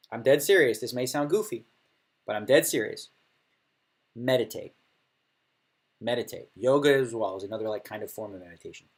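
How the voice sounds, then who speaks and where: Husky, chatty man reading poker notes. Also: medium pitch. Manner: chatty, laughs often, acts out table talk. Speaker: poker player streaming and answering chat. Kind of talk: casual chat.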